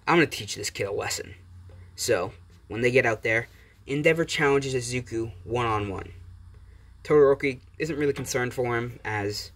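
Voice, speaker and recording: A man makes up a fan-fiction story as he goes, telling it in a loose, rambling way. His voice is an ordinary mid pitch, and it sounds like a casual storytelling channel. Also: a bit bright. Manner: rambling, with fillers and restarts. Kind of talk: improvised fan-fiction narration.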